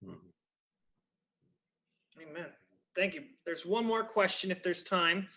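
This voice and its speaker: Man reading audience questions, higher voice. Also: slow pace, pushed and bright.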